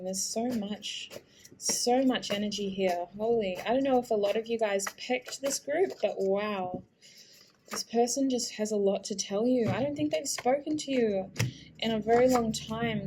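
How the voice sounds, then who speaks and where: A woman giving an intuitive tarot reading, soft-spoken, earnest and emotional, often hesitant and restarting her sentences. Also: mid-range voice, background noise. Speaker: tarot reader.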